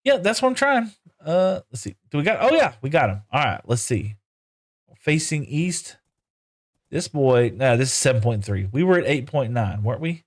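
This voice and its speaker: A man's voice: mid-range voice, big pitch swings, normal speed. Guy streaming a game, rambling to chat and sweet-talking his horses. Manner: rambling, talks to viewers and to game horses in broken baby talk. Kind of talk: casual live game commentary.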